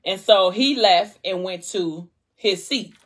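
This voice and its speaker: A woman's voice: mid-range voice, slow pace, slightly rough. A young adult woman casually retelling a story, chatty and acting out the characters' quoted lines.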